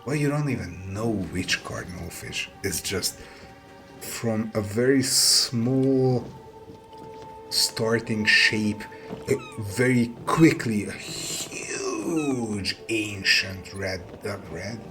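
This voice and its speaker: A man narrating as game master of a tabletop game, with a halting delivery that often repeats words as he describes the scene. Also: fairly low pitch, fairly bright tone, low-quality recording.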